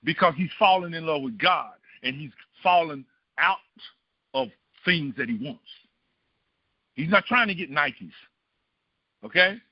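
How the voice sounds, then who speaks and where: Middle-aged male pastor, a bit high in pitch, tells sermon stories and keeps asking the room questions; muffled, dry sound. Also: animated, a little slow, pauses often, no room sound. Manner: asks the congregation rhetorical questions. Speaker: preacher. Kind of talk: storytelling sermon.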